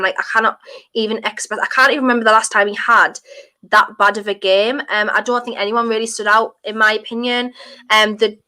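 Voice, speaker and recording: A woman's voice: a little high, pushed and bright. A woman football fan giving frank, critical post-match reaction on her team's defeat.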